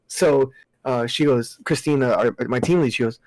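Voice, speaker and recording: A young man co-hosting a casual podcast, telling lively work stories and laughing as he acts out his coworkers. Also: medium pitch, moderate pace, dry recording, rough recording. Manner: animated storytelling, laughing and acting out coworkers. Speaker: podcast co-host. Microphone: podcast mic over internet call.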